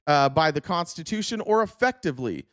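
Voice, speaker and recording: A man live-streaming a political rant, arguing back at his chat in quick bursts. His voice sits fairly high for a man, and the sound is close and dry with no room echo. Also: lively intonation, a bit bright. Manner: argumentative, rapid-fire.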